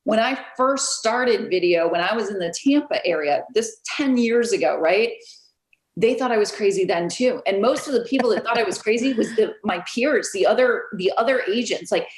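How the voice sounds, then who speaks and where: Animated woman in an echoey room. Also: medium pitch, moderate pace. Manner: animated, storytelling, acts out quotes. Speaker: realtor and guest. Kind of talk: casual interview.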